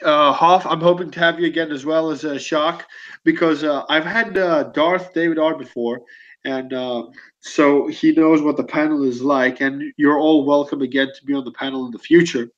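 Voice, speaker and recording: A man hosting a casual online panel chat, talking haltingly with many pauses. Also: fairly high pitch, fairly even intonation. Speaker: stream host. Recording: dull lo-fi mic.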